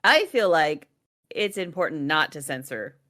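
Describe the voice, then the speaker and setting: A woman's voice: sits low, big pitch swings, a little slow, fairly bright tone. A woman who is a mother, co-hosting a casual podcast, talking frankly and laughing often. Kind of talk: casual chat.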